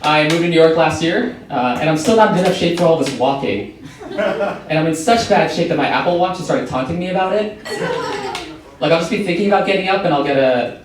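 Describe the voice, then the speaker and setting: A young man doing a stand-up set on a comedy club stage, delivering dry, deadpan one-liners into a stage microphone. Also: a little high, fast. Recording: echoey club, mic from far, noisy.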